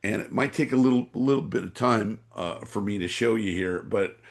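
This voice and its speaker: This podcast guest, an energy awareness trainer from San Francisco, talks at a moderate pace in a lowish voice with vocal fry. Telling stories in the interview, he rambles, uses a lot of fillers, and imitates voices.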